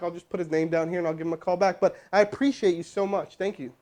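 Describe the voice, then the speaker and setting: A man hosting a live stream, teaching cold calling and rallying viewers in the chat in a loud, animated way. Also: sits high, fast talker. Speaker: host doing live sales calls.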